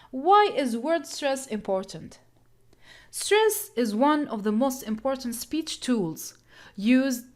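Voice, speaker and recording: A woman teaching an English pronunciation lesson, explaining and demonstrating word stress step by step. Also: high voice.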